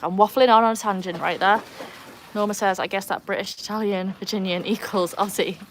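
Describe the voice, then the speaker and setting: A woman's voice: medium pitch, fairly even intonation, a little fast, a little hiss or hum. A woman chatting casually on a livestream, rambling on tangents and reading out viewer comments. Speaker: livestream host.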